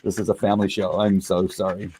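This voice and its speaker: A man's voice: low-pitched, level tone, fast, dark tone, slight background noise. A man chatting casually on a live stream, rambling through a product review with restarts and chuckles.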